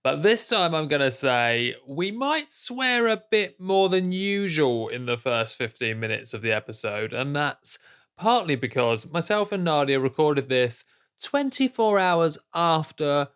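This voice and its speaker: A young man co-hosting a casual nature podcast, playful and quick to laugh. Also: fairly high pitch, clear, resonant tone. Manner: playful, laughs often, animated. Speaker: podcast co-host.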